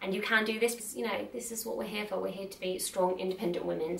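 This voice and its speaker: A woman's voice: medium pitch, fast talker, creaky, few pauses, a bit bright, recorded from a distance. A young woman talking candidly to camera in a chatty, earnest way, laughing often. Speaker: vlogger. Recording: echoey room, mic set back.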